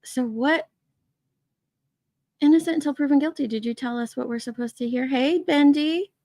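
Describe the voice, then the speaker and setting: A woman with a high, warm voice and no audible room sound speaks at normal speed while casually hosting a live stream from her basement man cave. Chatty and laughing often, she greets viewers by their chat names.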